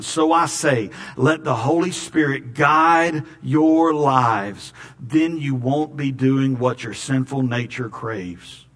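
A man's voice: mid-range voice, fairly bright tone. A man preaching a sermon in a folksy, storytelling way, often repeating words. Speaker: pastor.

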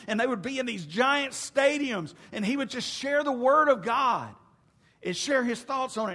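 A man's voice: sits high, a bit bright. A male pastor preaching a folksy, conversational sermon straight to his congregation. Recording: reverberant hall.

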